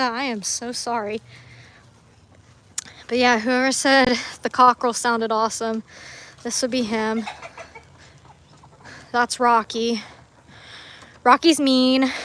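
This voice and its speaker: A woman's voice: sits high, fairly bright tone. A young woman livestreaming from her farm, chatting casually and rambling as she breaks off to talk to her animals. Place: outdoors on a farm among animals. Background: chickens and a rooster.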